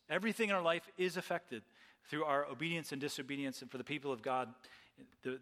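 A man's voice: mid-range voice, pushed and bright, in a large hall. A man preaching a sermon as pastor, earnest and often repeating phrases.

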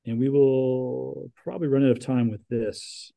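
A man's voice: mid-range voice, level tone, measured pace, gravelly, mellow. A man teaching a Bible class, thinking aloud with frequent restarts and putting questions to his students.

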